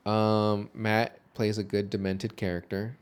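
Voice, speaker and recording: A man's voice: on the low side, little pitch movement, unhurried, smooth. Loose, profane male podcast co-host. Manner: loose, profane, laughs often. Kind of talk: casual movie discussion podcast.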